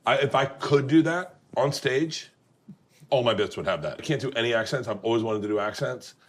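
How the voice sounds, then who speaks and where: A man hosting a dinner podcast, talking excitably and profanely between bursts of laughter. His pitch is mid and swings widely as he jokes. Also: a little fast. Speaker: podcast host. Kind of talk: casual chat.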